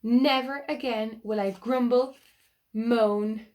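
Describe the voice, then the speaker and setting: A woman voicing a grumpy, complaining man in a children's storybook, gruff and grumbling. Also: on the high side, fairly even intonation, slow pace, a little mellow. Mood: pleading.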